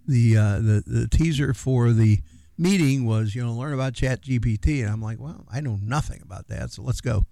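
Man, radio co-host, gravelly, rambling, casual chat, dry studio sound. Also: medium pitch, warm tone, no room sound. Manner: rambling, many fillers and restarts.

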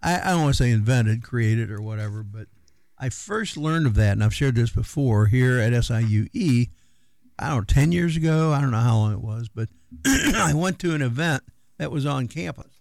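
A man's voice: medium pitch, animated, normal speed, creaky, a little mellow, no room sound. A middle-aged man co-hosting a radio show in loose, rambling casual chat with many fillers. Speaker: radio co-host.

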